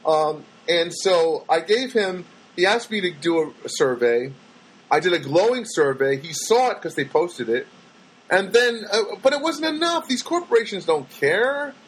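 A man's voice: sits high, moderate pace, breathy edge, low-quality recording. A man telling rambling everyday stories in a casual monologue, acting out the voices of people he met. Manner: rambling, animated, acts out voices of people he quotes.

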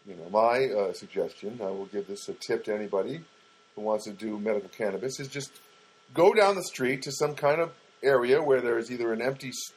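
A man's voice: mid-range voice, brisk, husky, low-quality recording. A man telling a rambling, casual story about his week, with frequent restarts.

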